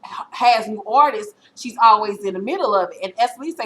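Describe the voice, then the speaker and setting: Bright-toned blunt woman vlogger. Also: medium pitch, fast, a little hiss or hum, poor audio. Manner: blunt, profane and animated storytelling. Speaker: TV recap vlogger. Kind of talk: casual reality-TV recap.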